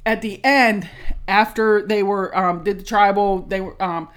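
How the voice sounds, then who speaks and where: A woman's voice: mid-range voice, measured pace. A woman co-hosting a podcast, chatting casually and acting out her reactions as she tells a story. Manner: animated storytelling, acts out reactions. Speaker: podcast co-host. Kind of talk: casual chat.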